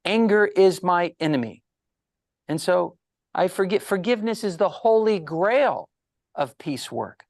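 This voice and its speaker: A middle-aged man, a guest psychologist, telling animated stories in an interview and acting out the voices he quotes. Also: high voice, measured pace, creaky, no room sound, studio quality. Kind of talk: storytelling interview answers.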